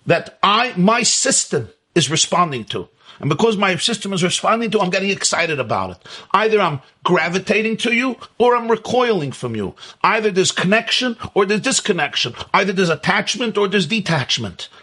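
Husky man giving an animated religious lecture. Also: on the high side. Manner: emphatic, rhetorical questions, repeats key words. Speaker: Torah teacher. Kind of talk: Hasidic lecture.

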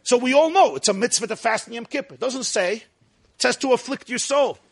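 High-voiced man lecturing a class. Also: lively intonation, a little fast, vocal fry, breathy edge. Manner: asks the class questions and answers them himself, jokes with them. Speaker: rabbi teaching a class.

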